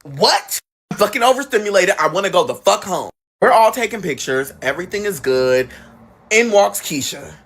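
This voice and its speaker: Animated man telling a story, bright voice. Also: a little fast. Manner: animated, acts out quoted relatives with big pitch jumps. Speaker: guest storyteller. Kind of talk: casual storytime.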